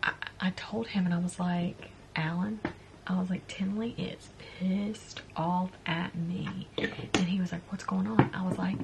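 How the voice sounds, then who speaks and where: A young woman telling a personal story in a storytime vlog, talking in a soft, confiding way that often drops to a hushed near-whisper. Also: on the low side, steady tone, a little slow, creaky, heavy background noise. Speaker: beauty vlogger.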